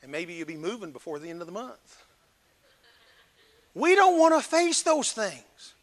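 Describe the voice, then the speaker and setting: A man preaching a sermon, emphatic, swinging between loud exhortation and hushed earnest talk. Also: high voice, sing-song, unhurried.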